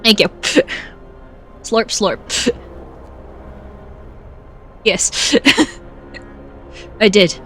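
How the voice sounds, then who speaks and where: A woman's voice: medium pitch, animated, extremely slow, pauses often, a bit bright, soft background music. A woman streaming a game, chatting casually with viewers, giggling often and hiccupping. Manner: giggly, laughs often between lines. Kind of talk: casual live-stream chat while gaming.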